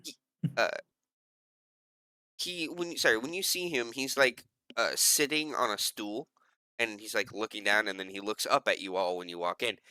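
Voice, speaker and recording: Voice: medium pitch, normal speed, long pauses, sharp tone, smooth, dry recording. Rambling tabletop game master. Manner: rambling, many fillers, self-correcting. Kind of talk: narrating a tabletop role-play game.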